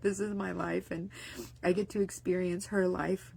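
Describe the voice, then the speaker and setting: A woman's voice: medium pitch, little pitch movement, moderate pace, vocal fry, darkish tone, a little hiss or hum. A woman vlogger talking in a casual, rambling spoken-diary monologue, with many restarts and fillers. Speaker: mindset vlogger and business owner.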